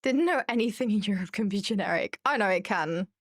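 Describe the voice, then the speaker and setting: A woman's voice: mid-range voice, animated, brisk, dry recording, studio quality. A young German woman streaming a game, chatting casually and joking at her own expense as she reads viewer comments. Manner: chatty and self-mocking, reads chat aloud. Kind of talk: casual chat while gaming.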